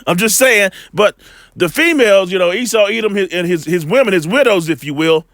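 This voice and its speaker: A man giving a loose, slangy scripture lesson, full of fillers and repeated "all right", slowing down when he reads the verses. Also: sits high, lively intonation, fairly bright tone, no echo, clean studio sound. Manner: reads scripture slowly and deliberately. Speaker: bible teacher.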